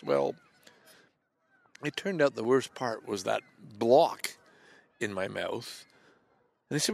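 This man's voice is gravelly and fry-tinged, sitting in a normal middle range, and his intonation is lively. His confessional monologue is halting and repetitive, with sentences fading into soft near-whispers, and there's no echo.

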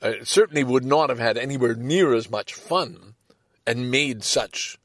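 A man's voice: medium pitch, unhurried, a bit bright, no room sound. A middle-aged man telling a personal story in an emotional, casual monologue, often talking to himself. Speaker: podcast host.

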